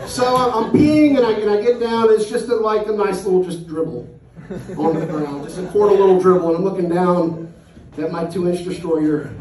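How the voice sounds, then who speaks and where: A man's voice: high voice, reverberant, far from the mic, low-quality recording. A man doing a crude stand-up set in a comedy club, acting out an argument with his dog. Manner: crude, acts out voices of his dog and friends. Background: audience laughing.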